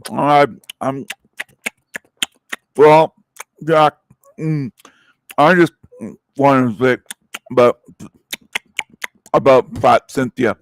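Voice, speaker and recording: A man's voice: mid-range voice, steady tone, extremely slow, pauses often, dry recording. A man voicing a mocking impression of a hesitant male online rival who mumbles with his mouth full, stumbling over fillers.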